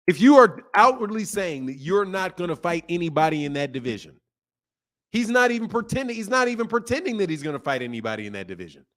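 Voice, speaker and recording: High-voiced, heated boxing stream host. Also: male voice, sing-song, fast talker. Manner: sarcastic, heated, swings from mock pleading to loud outbursts. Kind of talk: live-stream commentary and rant.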